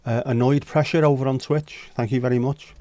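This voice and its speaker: The voice is a man's, mid-range with a steady, dark tone, moving briskly with no echo. He's a virtual pub livestream host who jokes and chats with viewers, bantering with chat as he reads their comments.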